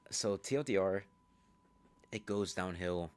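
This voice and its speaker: A man giving a casual, rambling, profane recap of a movie, telling the story fast. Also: low-pitched, darkish tone. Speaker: movie reviewer.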